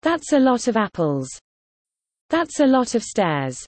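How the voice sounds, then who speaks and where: A woman reading example sentences for a slang lesson with a lively, bouncy delivery. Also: on the high side, unhurried, no echo. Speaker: teacher.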